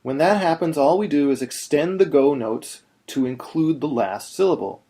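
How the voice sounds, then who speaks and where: A man teaching Torah chanting in a video lesson, explaining step by step and chanting slow demonstrations. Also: fairly high pitch, expressive, warm tone.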